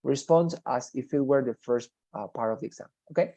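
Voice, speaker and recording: A male TOEFL teacher lecturing his online class, animated, often repeating "as I say". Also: mid-range voice, brisk, no room sound, dull audio. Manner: animated, repeats "as I say", demonstrates intonation.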